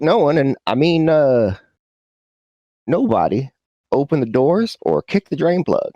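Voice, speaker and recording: A man's voice: fairly high pitch, darkish tone, dry recording, clean studio sound, pitched above the performer's own voice. A man voicing a brash, folksy male submarine pilot who brushes off worries in a tabletop game. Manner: folksy, bossy, nonchalant.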